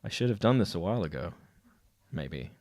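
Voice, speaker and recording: A man's voice: sits low, animated, a little fast, darkish tone, no echo. An Australian man streaming, telling school stories with plenty of laughs and swearing. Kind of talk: casual chat on a live stream.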